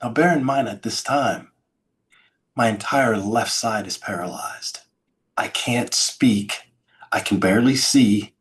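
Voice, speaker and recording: A man's voice: on the low side, slow pace. A middle-aged man telling his story as an interview guest, acting out sounds and quoted lines with dramatic flair. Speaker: podcast guest, keynote speaker.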